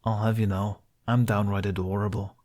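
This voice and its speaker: A man reading a story aloud, voicing a tall, cocky man who answers gruffly. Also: lowish voice, lively intonation, brisk. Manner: gruff, sarcastic. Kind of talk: audiobook character voice.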